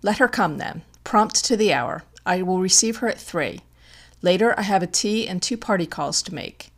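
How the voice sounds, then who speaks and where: A woman's voice: lowish voice, animated. A woman doing a cool young society detective. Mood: firm. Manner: measured, firm.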